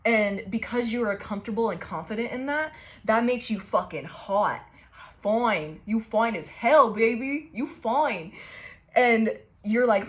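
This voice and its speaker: A woman giving a casual tarot reading to her viewers, excitable and profane, rambling and restarting her sentences. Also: a little high, a little slow. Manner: excitable and profane, laughing often. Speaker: tarot reader.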